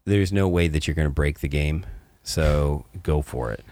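A man's voice: rumbling low, normal speed, a little mellow, no echo. A man co-hosting a podcast in casual chat, rambling and restarting his sentences in a playful way. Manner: rambling, self-correcting, playful. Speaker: podcast co-host.

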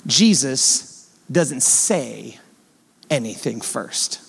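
A pastor delivering a fervent sermon in a church, speaking directly and colloquially to his congregation, swinging between loud emphasis and hushed, low asides. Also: animated, very slow, creaky, breathy edge, in a large hall. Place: church sanctuary.

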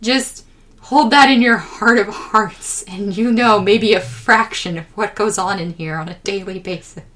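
A young woman hosts a casual podcast and tells a funny story about her day. She sounds worn out and exasperated, swears freely, and keeps her retelling lively. Her pitch sits in a middling range. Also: unhurried. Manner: exasperated, profane, animated retelling. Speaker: podcast host.

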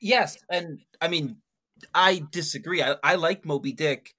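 A man on a casual movie podcast, speaking hesitantly with many pauses and ums. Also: on the high side, pushed and bright.

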